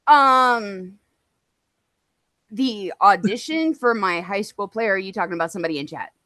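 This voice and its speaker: On a livestream, a woman guest tells a personal story in a casual chat, sarcastic, passionate and self-mocking, animated and laughing often. Her voice is mid-range at a normal speed, with no echo.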